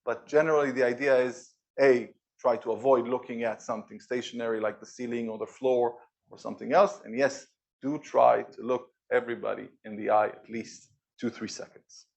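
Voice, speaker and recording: Energetic man giving an office talk. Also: medium pitch, vocal fry. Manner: energetic, demonstrative, pausing for emphasis. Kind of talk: live presentation to co-workers. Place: office event room with an audience.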